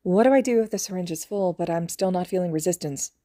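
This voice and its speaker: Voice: medium pitch, fast, warm tone, no echo, clean studio sound, close to an everyday voice. A woman voicing an uncertain junior medic who asks hesitant questions.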